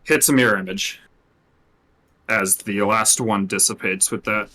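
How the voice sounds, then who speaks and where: A man with a bright, forceful voice runs a tabletop game as dungeon master. He narrates hits and spells in an animated way, with quick laughing asides to the players. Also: on the low side.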